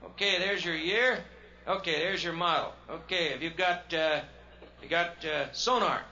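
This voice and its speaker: A man's voice: on the high side, a little slow. A man putting on a folksy, glad-handing used-car salesman who drawls and stalls as he reads off prices. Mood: chummy. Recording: dull lo-fi 1970s live record, loud hiss.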